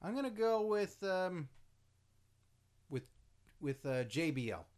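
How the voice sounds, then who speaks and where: A man co-hosting a casual podcast, joking and playful with deadpan asides. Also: fairly high pitch, takes it slowly. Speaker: podcast co-host. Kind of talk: casual chat.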